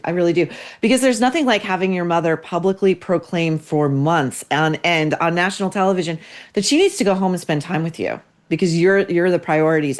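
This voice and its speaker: A woman hosting a commentary podcast, ranting bluntly with profanity and biting sarcasm. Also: lowish voice. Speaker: podcast host. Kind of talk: opinionated commentary.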